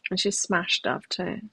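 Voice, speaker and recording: A woman's voice: bright, forceful tone, dry recording, rough recording. A middle-aged woman giving a live tarot reading, talking in a reflective, self-help manner with frequent restarts. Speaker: tarot reader.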